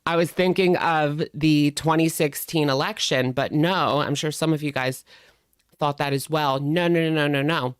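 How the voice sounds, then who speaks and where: A woman's voice: low voice, moderate pace, smooth, dry recording, studio quality. A young woman hosting a live stream, chatting casually in a rambling way and greeting viewers by name.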